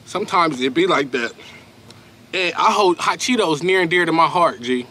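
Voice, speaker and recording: Bright-voiced young man reviewing snacks. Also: fairly high pitch, animated, moderate pace, slight background noise. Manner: slangy, emphatic, repeats himself. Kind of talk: casual unboxing review.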